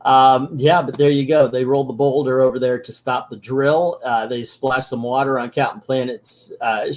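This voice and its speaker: A man's voice: mid-range voice, fairly even intonation, moderate pace. A man casually recapping a cartoon episode as a channel host, with sarcastic, joking asides.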